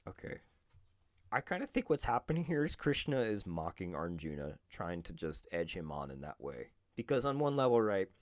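A man's voice: deep voice, creaky, dry recording, studio quality. A man hosting a podcast, talking through spiritual ideas in a thoughtful, conversational way and sometimes correcting himself mid-sentence. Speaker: podcast host. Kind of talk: reflective podcast commentary.

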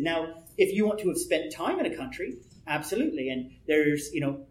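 Man, somewhat high voice, casual rambling workshop talk, chuckles and "you know" asides, roomy echo. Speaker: panel speaker on role-play personas. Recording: echoey room.

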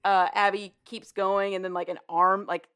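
Fields: Sex: woman. Role: podcast co-host. Style: casual film recap. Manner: animated, profane. Pitch: middling. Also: moderate pace, clear, resonant tone.

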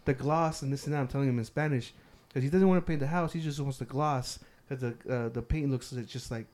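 Casual guy from riverside, mid pitch, swears a lot, tells stories with a laugh. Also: brisk, a little mellow. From Riverside, California. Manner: swears a lot, laughs while telling stories, acts out voices. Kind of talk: casual chat, storytelling.

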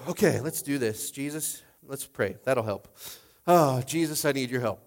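A middle-aged man pastor preaches in a loose, conversational sermon style. He is tearful and emotional, rambling with frequent fillers. His voice sits at an ordinary pitch. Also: lively intonation, a little slow, darkish tone.

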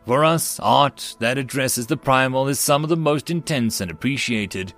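A man's voice: mid-range voice, moderate pace, a bit bright, faint music behind, natural voice. A man doing a wry, exasperated human woman.

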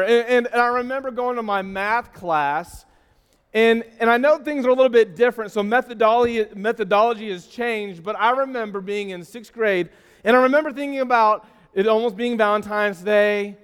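A man's voice: high voice, clear, resonant tone, big-room sound. A man preaching to a youth group, telling a story with self-teasing asides and often stumbling and repeating words. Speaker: youth pastor.

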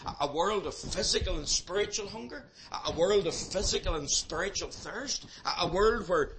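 A man preaching an evangelistic sermon, emphatic and repeating words as he builds, swinging between loud and soft passages. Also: sits high, lively intonation, normal speed, rough recording. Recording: loud background noise.

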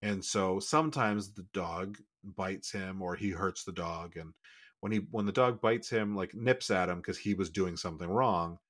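A man with a notably deep, low voice chats casually on a podcast. He tells stories loosely, doubling back and restarting his sentences, with plenty of ums and likes along the way. He sounds middle-aged and relaxed in conversation. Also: moderate pace. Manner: rambling storytelling with many fillers and restarts. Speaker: podcast co-host.

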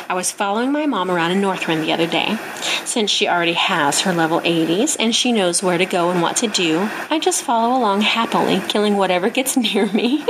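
Brief: female listener, bubbly giggly delivery, noisy home recording. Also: medium pitch. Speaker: listener contributor. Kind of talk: recorded message to a podcast.

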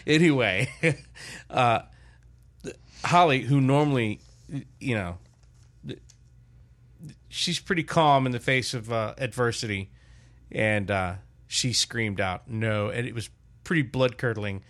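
An older man in casual chat, telling a lively family story as podcast host. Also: medium pitch, takes it slowly, long pauses. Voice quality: animated storyteller, loud put-on shouts in quotes.

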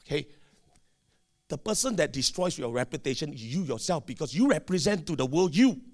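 A male pastor, preaching a sermon emphatically with sudden shouted bursts and call-and-response to the congregation. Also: on the high side, big pitch swings, brisk.

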